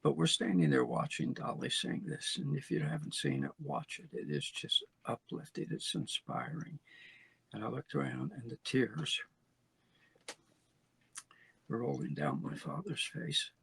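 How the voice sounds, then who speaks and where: A man's voice: mid-range voice, big pitch swings, measured pace, creaky, fairly bright tone, a little hiss or hum. A man hosting a show, talking conversationally with restarts. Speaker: host. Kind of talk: commentary.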